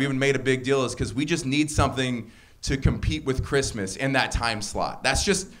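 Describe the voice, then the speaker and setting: A man performing a stand-up comedy set on a club stage, talking wryly and jumping his voice up for punchlines. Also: mid-range voice. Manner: wry and animated, voice jumps up for punchlines.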